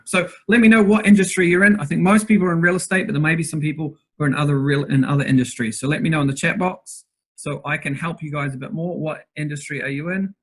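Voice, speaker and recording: A man hosting an interactive online workshop from his bedroom over a video call, talking fast and upbeat and greeting participants by name. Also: a little high, a bit bright. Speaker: workshop host. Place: bedroom at home.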